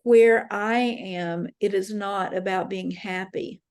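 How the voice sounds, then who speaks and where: A woman voicing a departed daughter who speaks slowly and calmly. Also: mid-range voice, clean tone. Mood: serene. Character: departed adult daughter, calm and distant.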